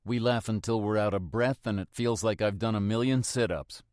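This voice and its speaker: A man narrating a first-person mystery audiobook in a steady, reflective manner. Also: lowish voice, moderate pace, no room sound, clean studio sound.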